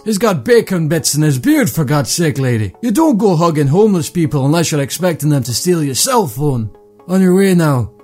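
A man's voice: high voice, big pitch swings, moderate pace, a little mellow, slightly rough, soft background music, exaggerated voice. A man putting on a politely stern Canadian cop. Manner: stern yet courteous, calls everyone son. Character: overly polite male Canadian police officer.

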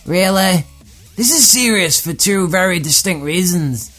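A man hosts a comedy podcast and riffs on odd news items in an irreverent, profane way. His voice sits fairly high for a man. Faint music plays under him. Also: expressive, measured pace, fairly bright tone. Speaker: podcast host. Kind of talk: comedic monologue reading tweets.

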